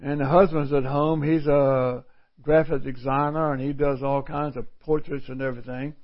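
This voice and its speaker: A man's voice: medium pitch, little pitch movement, normal speed. A middle-aged man preaching a sermon, reading scripture aloud and explaining it in a folksy way, repeating phrases for emphasis. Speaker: pastor. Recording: dull lo-fi recording.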